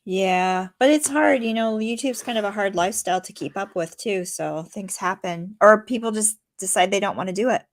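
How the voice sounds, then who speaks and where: Easygoing woman horror co-host. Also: medium pitch. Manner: easygoing, quick to agree, short replies. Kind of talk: casual livestream chat.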